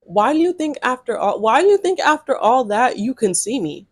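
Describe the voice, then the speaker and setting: A woman's voice: fairly high pitch, big pitch swings, moderate pace, breathy edge, no room sound. A young adult woman, blunt and sassy, telling a dating story casually to her viewers with slang and strong reactions. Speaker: storytime vlogger.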